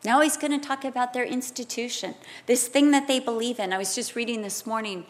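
High-voiced woman preaching with loud cries. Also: brisk. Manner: animated storytelling with loud cries. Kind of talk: sermon.

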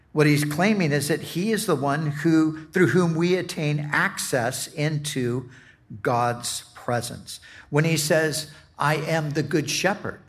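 A pastor preaches a sermon, teaching slowly and deliberately while often restarting his phrases. He speaks at a fairly high pitch.

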